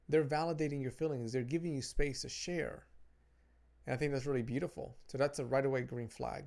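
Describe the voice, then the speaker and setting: A man with a gravelly, creaky voice gives relationship advice straight to camera. He talks in an earnest, conversational way, doubling back on his words as he checks his notes. His pitch sits in an ordinary middle range. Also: fairly even intonation, fairly quick, a little mellow. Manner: earnest, repeats words and restarts phrases while reading notes. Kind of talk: casual advice talk to camera.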